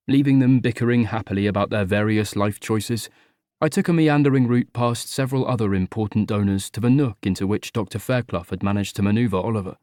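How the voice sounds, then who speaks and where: A man's voice: on the low side, a little fast, mellow, dry recording, studio quality. A man narrating a first-person audiobook in a wry, conversational way.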